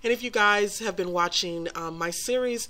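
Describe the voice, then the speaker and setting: A mid-range, sharp-toned woman's voice moves along at normal speed. As host of a life-simulation game series, she gives casual gameplay commentary on the story, gossiping, giggling, and using many filler words.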